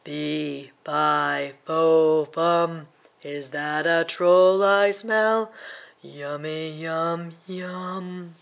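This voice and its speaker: A huge, hungry giant bellows slowly and sniffs the air for his next meal. His voice is deep and gravelly, as a woman reading a storybook puts him on. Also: fairly even intonation, slight background noise, exaggerated voice. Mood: menacing.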